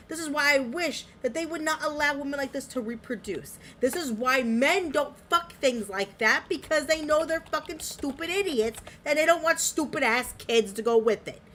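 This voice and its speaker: Woman podcast cohost ranting mad, swearing nonstop, big swoopy pitch, faint hiss. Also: fairly bright tone. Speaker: podcast co-host.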